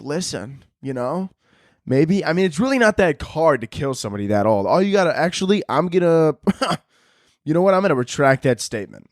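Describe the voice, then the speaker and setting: A man hosting a solo comedy podcast, ranting with lots of swearing and laughter, and jumping between high mock voices and low mutters. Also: no echo, studio quality. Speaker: podcast host.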